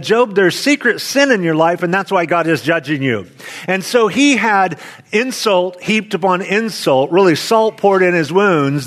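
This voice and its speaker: Animated storytelling preacher man. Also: a little high. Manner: animated storytelling preacher, acts out quoted voices, laughs. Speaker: pastor. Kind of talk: sermon. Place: church.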